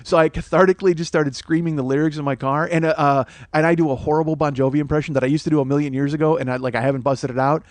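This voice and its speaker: A man's voice: on the high side, fairly even intonation, very fast, hardly any pauses, dry recording. A man hosting a podcast, telling a comic story in a rambling, profane, self-mocking rant. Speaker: podcast host. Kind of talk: comedic storytelling monologue.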